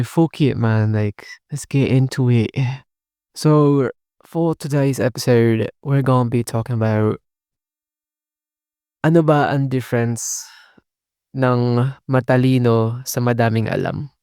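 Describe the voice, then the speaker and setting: A man's voice: medium pitch, darkish tone, clear, resonant tone, no room sound, studio quality. A young man with a Filipino accent hosting a casual solo podcast, rambling in mixed Tagalog and English with fillers and swearing. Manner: Taglish code-switching, rambling with fillers and swearing. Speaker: podcast host. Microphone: podcast mic, audio only.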